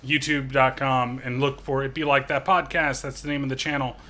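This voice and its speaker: A man's voice: mid-range voice, level tone, fairly quick, bright, forceful tone. A man co-hosting a podcast in crude, casual chat, teasing his cohost and laughing often. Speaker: podcast co-host.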